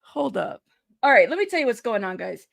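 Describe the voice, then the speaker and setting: A woman chats casually to her live-stream viewers, greeting them by name while fumbling for an email and a screenshot. She sounds upset and distracted, with a gravelly, creaky edge to her voice. The recording is close and dry, with little room sound. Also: on the high side, sing-song, brisk, no echo.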